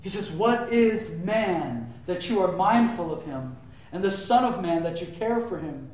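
A man preaching a sermon, emphatic, swinging between loud declarations and hushed asides and asking his listeners rhetorical questions. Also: sits high, lively intonation, unhurried. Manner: asks the audience rhetorical questions. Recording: very echoey room, mic far off.

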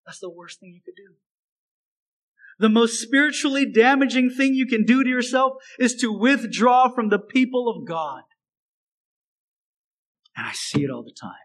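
A man's voice: high voice, fairly bright tone, poor audio. A man preaching a sermon as a pastor, earnest and emphatic, repeating phrases for stress.

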